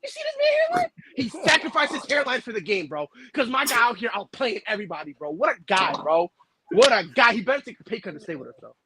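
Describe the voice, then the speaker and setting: A man's voice: high-pitched, big pitch swings, fast, background noise. A man co-hosting a sports talk show, bragging about his team with brash trash talk and heavy slang. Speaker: sports talk co-host, basketball fan. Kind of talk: casual sports banter.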